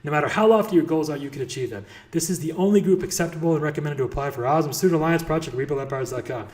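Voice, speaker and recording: A man's voice: fairly high pitch, rapid-fire, darkish tone. A man coaching on business in a casual motivational talk, effusive and blunt, and he swears freely. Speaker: real estate business coach.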